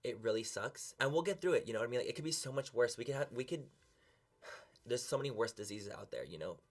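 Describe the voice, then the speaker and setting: A beauty vlogger, a young man, speaks to the camera in a confessional vlog, earnest and emotional, nearly crying and swearing casually. His voice sits in the mid-range, expressive and fast.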